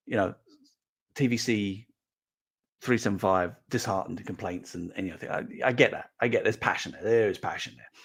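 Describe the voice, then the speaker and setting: A man hosting a toy collecting show, chatting animatedly and acting out quoted voices as he tells stories. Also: mid-range voice. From England. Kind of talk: casual monologue to camera.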